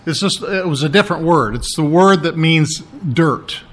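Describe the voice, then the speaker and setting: A man preaching an expository Bible lesson, stressing key words by repeating them and clearing his throat often, with casual asides and fillers. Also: on the high side, normal speed, fairly bright tone. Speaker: pastor.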